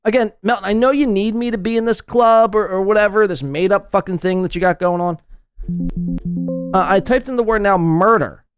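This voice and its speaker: A man hosting a live podcast, ranting with crude, sarcastic mockery and swinging between loud outbursts and muttered asides. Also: high-pitched, fairly quick, faint music behind. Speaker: podcast host.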